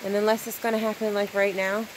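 A woman in a casual phone vlog, chatting excitedly while she films a rainstorm outdoors. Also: medium pitch, fast talker, poor audio. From Newfoundland, Canada. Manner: chatty, excitable, rises into baby talk with her dog. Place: outdoors in a rainstorm, sheltering under cover. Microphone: phone held in hand. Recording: phone mic outdoors with light rain noise.

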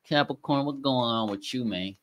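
A man's voice: medium pitch, moderate pace, fairly bright tone. A man doing a casual tarot reading by zodiac sign, talking in a slangy, profane, joking way. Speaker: tarot reader.

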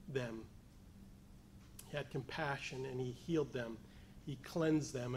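A man preaching a sermon, building from measured explanation to emphatic, raised appeals. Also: on the high side. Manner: rising to emphatic, raised voice on key points; pleading as he voices the lepers' cry.

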